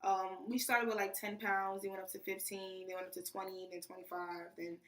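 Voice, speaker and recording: A young woman from New tells her training story in a casual, animated vlog, peppering her talk with "freaking". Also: medium pitch, brisk. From New York. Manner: animated, chatty, says "freaking" often. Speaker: soldier vlogger. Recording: echoey room, mic at a distance.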